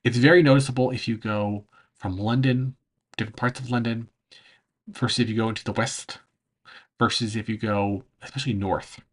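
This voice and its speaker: A man chatting casually on a livestream, answering chat, rambling and often pausing to search for words, with frequent laughs. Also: medium pitch, fairly even intonation. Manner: laughs between phrases. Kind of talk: casual livestream chat over travel footage.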